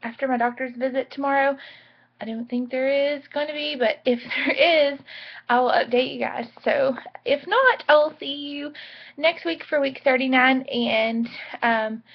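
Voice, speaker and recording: A woman's voice: high-pitched, moderate pace. A young woman chatting emotionally in a home vlog, full of likes and ums. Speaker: vlogger. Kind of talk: casual pregnancy vlog chat. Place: home bedroom. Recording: dull lo-fi home video audio.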